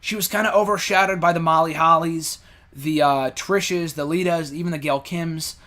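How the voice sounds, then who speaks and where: A man's voice: on the high side, steady tone, normal speed, sharp tone. A young man hosting a casual show, rambling through fan questions with lots of fillers and blunt opinions. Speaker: host answering fan questions. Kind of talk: casual chat.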